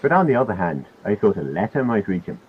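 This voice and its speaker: A man's voice: on the low side, sing-song, fast, husky, exaggerated voice. A man playing Hamus, a male tavern proprietor, in a put-on accent, reading a formal letter in a tabletop game over a tinny call line. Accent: put-on character accent. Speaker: player. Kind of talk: in-character tabletop role-play. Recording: tinny phone-like online call.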